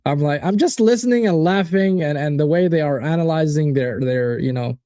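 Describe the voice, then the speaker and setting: Casual male stream host, animated and profane, warm dark tone, dry booth sound. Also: a little high, normal speed, dry recording. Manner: animated, swearing, reads out chat predictions. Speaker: watchalong host. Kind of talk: casual live-stream football chat.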